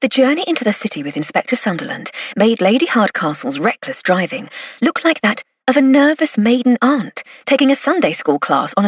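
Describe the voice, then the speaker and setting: Woman audiobook narrator, wry and measured, dry close sound. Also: fairly high pitch, husky, no echo. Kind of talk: scripted first-person narration.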